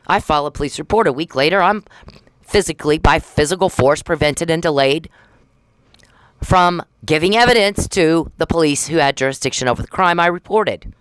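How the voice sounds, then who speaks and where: A woman's voice: low voice, brisk, smooth, no room sound. A woman in her fifties from the United States, delivering an angry, profane, accusing rant straight to the camera. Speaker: vlogger. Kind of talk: angry direct-address rant.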